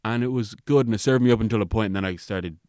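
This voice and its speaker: A man's voice: on the low side, fast talker, no echo, clean studio sound. An Irish man telling a story in casual chat, rambling, swearing freely and filling his talk with "like". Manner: rambling, frequent swearing and filler "like"; animated retelling with voiced quotes. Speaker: guest.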